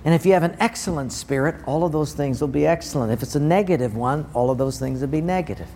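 A man's voice: a little high, fast talker, darkish tone, slight background noise. A man preaching a sermon, telling stories and acting out people's voices with big jumps in his tone. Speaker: pastor. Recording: long hall reverb.

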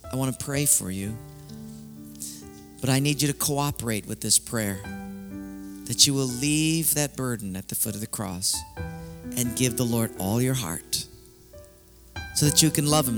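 A man preaching a sermon in a church sanctuary, telling stories in an earnest, heartfelt way. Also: medium pitch. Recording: long hall reverb.

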